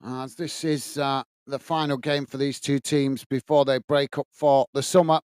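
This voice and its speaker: A man's voice: mid-range voice, level tone, moderate pace, a little mellow, clear, resonant tone, no room sound, studio quality. A man hosting a football watch-along, chatting to viewers and reading out their messages in a friendly way, calling them mate. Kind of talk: casual live commentary and chat.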